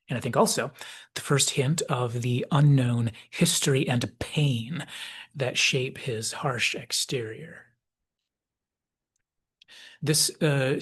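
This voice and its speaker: A man giving a reflective spoken analysis, musing aloud and sometimes dropping to a soft whisper. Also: medium pitch, husky. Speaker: video essayist.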